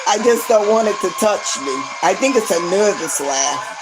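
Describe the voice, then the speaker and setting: A woman's voice: medium pitch, animated, moderate pace, poor audio. A woman hosting a livestream, telling gossipy stories at home in a loose, profane, chatty way. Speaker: livestream host. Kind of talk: casual gossipy storytelling. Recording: music playing behind.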